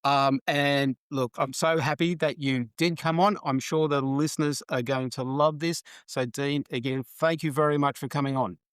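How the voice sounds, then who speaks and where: A man hosting a podcast, chatty and quick to laugh as he tells stories. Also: mid-range voice, fairly even intonation, clear, resonant tone, no echo. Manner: chatty storyteller, laughs often. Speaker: podcast host. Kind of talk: casual chat.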